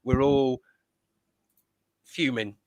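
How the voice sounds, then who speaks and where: A man's voice: medium pitch, fairly even intonation, very slow, darkish tone, no room sound. A man hosting a football fan phone-in, talking in a hesitant, searching way with many fillers. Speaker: fan channel host. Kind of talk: casual phone-in chat.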